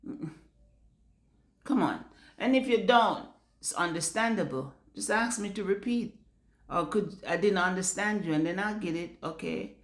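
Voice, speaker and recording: A woman's voice: medium pitch, animated, normal speed, reverberant. A Jamaican woman speaking bluntly in a casual vlog rant, swearing freely and slipping into patois. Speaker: vlogger. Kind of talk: casual ranting monologue.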